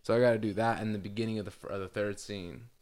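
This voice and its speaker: A man's voice: on the low side, steady tone, fast talker, a little mellow. A young man with a groggy morning voice, chatting casually as a podcast co-host and rambling with lots of fillers, restarts and swearing. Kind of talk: casual chat.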